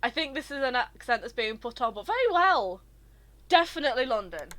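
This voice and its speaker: A woman streaming a video game, chatting in an excitable, rambling way. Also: sits high, a little fast. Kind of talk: live game commentary.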